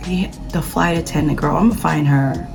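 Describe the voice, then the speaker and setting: A young adult woman telling a casual travel story in a chatty, animated way, full of slang and dramatic asides. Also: deep voice, brisk, gravelly, faint music behind, poor audio. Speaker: vlogger.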